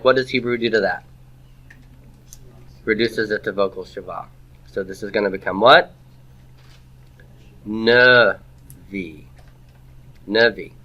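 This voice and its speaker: A man leads a Hebrew grammar lesson in class, his medium-pitched voice bright and forceful. Between points of the lecture he fires off quick rhetorical questions at his students.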